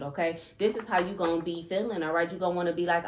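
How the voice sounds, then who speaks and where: A woman's voice: lowish voice, fast, hardly any pauses, reverberant, a little hiss or hum. A woman doing a casual tarot reading, emphatic and repetitive, checking in with "okay?" and "all right?" after each point. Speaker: tarot reader.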